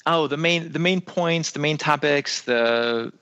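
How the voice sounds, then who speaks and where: A man's voice: on the high side, a little slow, bright, forceful tone, smooth, highs cut off. A man co-hosting a podcast in casual chat, hesitant and self-deprecating, with many fillers. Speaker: podcast co-host.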